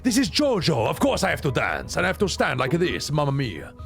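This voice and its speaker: A man's voice: huge pitch swings, fairly quick, gravelly, a bit bright, heavily acted. A man voicing a bossy, pompous male sea-person cat in a hammy mock Spanish-Italian accent while game music plays. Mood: grandiose. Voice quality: low, put-on hammy accent. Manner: theatrical, dramatic posing.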